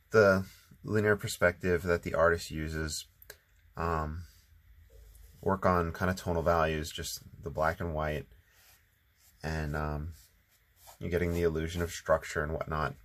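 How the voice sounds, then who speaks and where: Sounding like he's only just woken up, a man with a very deep voice narrates a relaxed watercolor tutorial from home. He's sleepy and rambles a bit, filling the pauses with plenty of ums as he paints for his channel.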